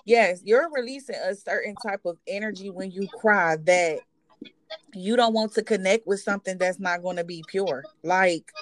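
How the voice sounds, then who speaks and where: Chatting casually with friends as a podcast co-host, a woman speaks at a moderate pace in a mid-range voice. She's loose and profane, a little tipsy, and laughs frequently.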